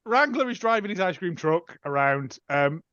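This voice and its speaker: A man's voice: high voice, lively intonation, normal speed, a bit bright, clear, resonant tone, no echo, dull audio. A man, co-hosting a casual film review podcast, recapping scenes in a rambling way with fillers and restarts. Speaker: podcast co-host.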